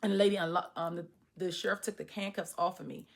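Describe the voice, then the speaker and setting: Low-ish voiced woman, 30s, vlog storytime, animated, plays out her own reactions in a higher voice. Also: fast talker, creaky. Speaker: vlogger. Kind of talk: storytime monologue.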